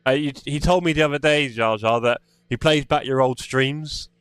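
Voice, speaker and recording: A man's voice: medium pitch, normal speed, a bit bright, smooth, dry recording. A man hosting a live sim racing stream, chatting casually, teasing and reading the chat aloud. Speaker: stream host.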